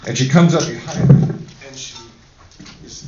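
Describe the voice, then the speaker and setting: A man's voice: mid-range voice, moderate pace, a crowd in the background. A man telling a crude, rambling story with many fillers, on stage at a live podcast in a cinema. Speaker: podcast co-host. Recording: echoey hall, distant mic, dull sound.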